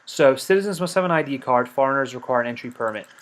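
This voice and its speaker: Man, game commentator, let's play, mock-outraged, thinks out loud, medium pitch. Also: fast. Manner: animated, scolding game characters in mock outrage; talks himself through each step out loud.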